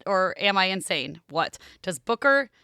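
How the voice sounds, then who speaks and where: Bright-voiced joking woman. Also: medium pitch, big pitch swings, clean tone, no echo, clean studio sound. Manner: joking, blunt, quick quips. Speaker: podcast co-host. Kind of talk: casual chat.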